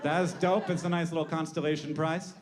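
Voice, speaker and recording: A man's voice: a little high, level tone, a little fast. A man delivering a rambling, wry comedic monologue, profane at times, over a noisy recording.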